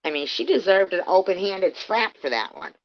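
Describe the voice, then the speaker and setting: A woman ranting angrily on a livestream, swearing heavily and swinging between low muttering and loud outbursts. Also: sing-song, moderate pace. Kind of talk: angry ranting livestream commentary. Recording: dull lo-fi stream audio.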